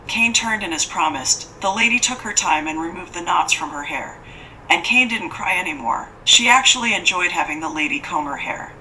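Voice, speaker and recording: Bright, keen woman narrating an audiobook. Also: fairly low pitch, lively intonation, normal speed, a little hiss or hum, low-quality recording. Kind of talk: scripted narration.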